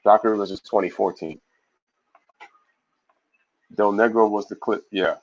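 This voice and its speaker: A man hosting a casual live sports stream, reading viewer comments aloud and giving shout-outs in a loose, slangy way. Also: lowish voice, unhurried, muffled recording. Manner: loose, slangy, animated opinions.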